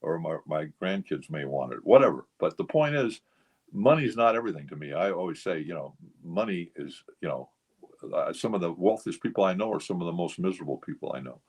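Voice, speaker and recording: On a relaxed radio talk show, an older memorabilia collector past sixty speaks in a low, breathy voice with lively intonation and a slightly quick pace. His stories wander, padded with lots of fillers.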